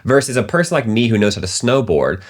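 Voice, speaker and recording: A young man hosting a casual business podcast, telling stories in an animated way and acting out the voices of the people he quotes. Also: fairly low pitch, fast talker. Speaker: podcast host.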